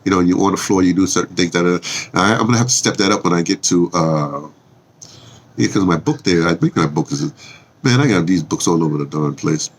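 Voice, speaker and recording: A man's voice: low voice, a little fast. An older man from the Bronx, a vlogger rambling casually with lots of fillers and restarts. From New York, the Bronx.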